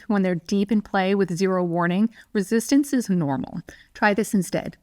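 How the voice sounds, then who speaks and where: A woman parenting educator delivers a scripted teaching monologue in a calm, clear, steady voice at a middle pitch and moderate pace. The recording is dry and close, with no room sound.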